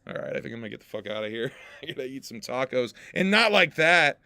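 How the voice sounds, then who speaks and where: A man chatting loosely on a livestream, cracking himself up and cursing between jokes. His voice sits at an ordinary middle pitch, recorded close and dry with no room sound around it. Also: sing-song, fast, sharp tone, clean tone, dry recording. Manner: laughs often, swears freely, loose and joking. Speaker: podcast host and rapper. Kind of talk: casual livestream chat.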